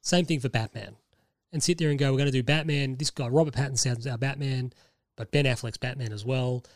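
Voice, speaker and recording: A man hosts a casual podcast chat, his voice at an ordinary middle pitch. He rambles through his ideas with enthusiasm. The sound is dry and close, with no room around it. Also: brisk, no echo. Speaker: podcast host.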